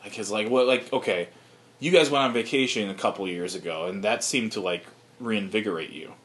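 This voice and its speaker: Male podcast co-host, thirties, low voice, loose profane banter. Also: brisk, a bit bright. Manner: loose, profane, laughs often. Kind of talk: casual chat.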